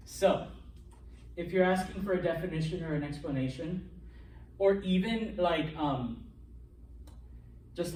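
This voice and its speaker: A man teaching a classroom Spanish lesson, animated and constantly checking in with his students. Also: on the high side, slight background noise. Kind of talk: classroom lecture. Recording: echoey classroom from far off.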